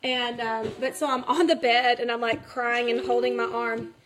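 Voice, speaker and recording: A woman's voice: fairly high pitch, level tone, moderate pace, heavy background noise. A woman in her thirties chatting casually to camera at home, laughing through her story with lots of fillers. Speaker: mother vlogging. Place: home, kids nearby.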